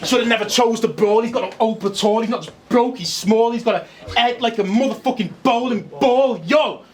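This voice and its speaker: A man's voice: very high-pitched, fairly quick, a crowd in the background. A man with a Liverpool accent performing as a battle rapper, telling comic stories to roast his opponent. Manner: storytelling, comic, says "yo" often. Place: live venue with audience. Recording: loud noise, live event.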